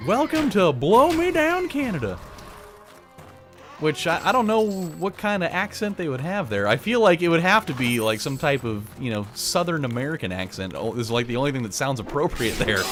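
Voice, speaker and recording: Joking man with lively pitch. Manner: joking, rambling, laughs at his own jokes. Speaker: gaming channel host. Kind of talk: casual let's play commentary.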